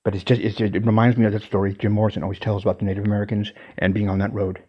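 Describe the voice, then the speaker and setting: A man's voice: fairly low pitch, little pitch movement, rapid-fire, highs cut off. A man telling a personal story casually, in an intense, emphatic way and with some swearing.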